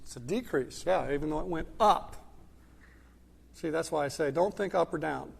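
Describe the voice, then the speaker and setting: A man's voice: fairly high pitch, normal speed, creaky, big-room sound. A man teaching an economics class in a conversational lecture style, checking in with his students as he goes. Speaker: economics instructor. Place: lecture hall.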